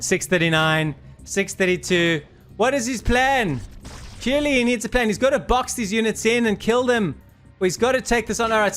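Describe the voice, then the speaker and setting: Breathless, high-voiced man casting a game. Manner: animated, urges players on, laughs in disbelief. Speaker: game caster. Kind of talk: excited esports commentary.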